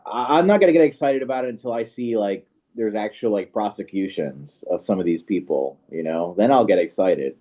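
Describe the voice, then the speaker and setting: Low voiced guy cohosting, skeptical, lots of you knows, muffled lo-fi sound. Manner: skeptical, hesitant, many "you know"s. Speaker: co-host. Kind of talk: casual livestream talk. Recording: dull lo-fi audio.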